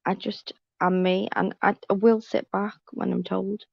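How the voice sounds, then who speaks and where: A woman's voice: medium pitch, little pitch movement, measured pace, vocal fry, no echo. A woman chatting on a live stream panel, blunt and emphatic, repeating points for weight. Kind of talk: casual chat, storytelling. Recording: dull lo-fi stream audio.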